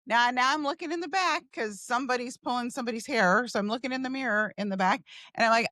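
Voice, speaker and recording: Animated storytelling woman, dry close sound. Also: a little fast, dry recording. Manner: animated, acts out her own past lines in a higher voice. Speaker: sales coach. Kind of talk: storytelling talk.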